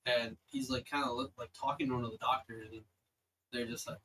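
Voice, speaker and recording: Bright-voiced young dungeon master, rambling. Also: male voice, mid-range voice, steady tone, fairly quick, slight background noise, poor audio. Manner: rambling, filler-heavy narration. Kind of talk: casual narration of a tabletop game.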